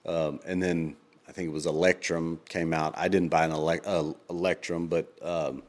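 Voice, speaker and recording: A man co-hosting a podcast in casual chat, rambling with lots of ums and quick laughs. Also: low voice, level tone. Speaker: podcast co-host.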